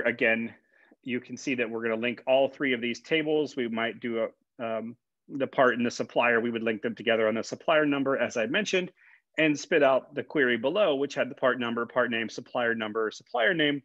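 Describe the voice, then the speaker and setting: A man's voice: medium pitch, fairly quick, fairly bright tone, no room sound. A man, a college instructor, giving a conversational classroom lecture with fillers and repeated words. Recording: dull, dry lecture recording.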